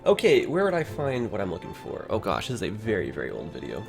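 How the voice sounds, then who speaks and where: Over background music, a man from Ontario, Canada hosts a casual game livestream with commentary, his fairly low, creaky voice swinging hugely in pitch as he talks fast. He rambles and chats, saying "like" constantly.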